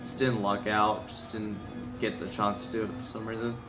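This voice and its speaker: A man's voice: lowish voice, little pitch movement, moderate pace. Sleepy young man commenting a race replay. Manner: rambling, filler-heavy, self-correcting. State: sleepy, yawning. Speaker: gaming video commentator. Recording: gameplay music behind.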